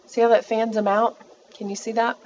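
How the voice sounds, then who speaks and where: A woman's voice: fairly high pitch, level tone, fairly quick, a little mellow, dull audio, a little hiss or hum. Chatty woman doing a makeup tutorial. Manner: chatty, self-narrating, addresses viewers as y'all. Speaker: beauty vlogger.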